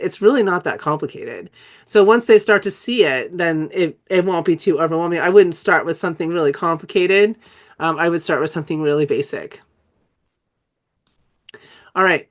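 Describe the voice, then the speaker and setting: Woman with a cold teaching a webinar over a computer mic, chatty and keen, spells out letters. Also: lowish voice. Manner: enthusiastic, conversational, spells out letters. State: has a cold, coughing and clearing throat. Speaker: dyslexia trainer presenting a webinar. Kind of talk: live online teaching presentation.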